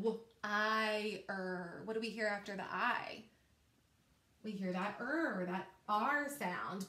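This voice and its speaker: A woman teaching a recorded phonics lesson to young children, slow and encouraging, stretching out each sound. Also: mid-range voice, pushed and bright, reverberant.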